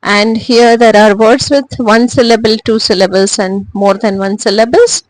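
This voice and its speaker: A woman teacher, giving a recorded lesson slowly, with frequent hesitations and restarts. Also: a little high, steady tone, rough recording. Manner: slow and deliberate, with frequent "uh" and restarts. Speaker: English teacher.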